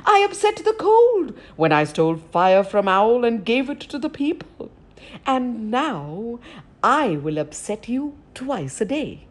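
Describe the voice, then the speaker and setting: A woman's voice: big pitch swings, slow pace, exaggerated voice. A woman storyteller voicing a sly, persuasive male raven, a trickster who coaxes in a raised, cheeky voice. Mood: coaxing. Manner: coaxing, cheeky, high-pitched.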